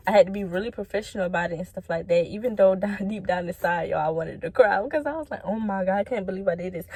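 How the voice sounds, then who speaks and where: Speaking with no room sound and a fairly low pitch, a young woman recounts how she quit a job. It's a storytime vlog: she addresses her viewers head-on, swearing freely, and stays blunt and lively throughout.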